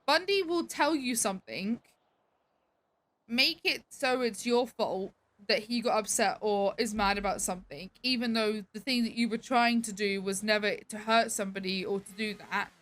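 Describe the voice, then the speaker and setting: A woman's voice: mid-range voice, normal speed, a bit bright. A woman livestreamer chatting casually with her viewers, emphatic, swearing freely and laughing often. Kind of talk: casual chat to stream viewers.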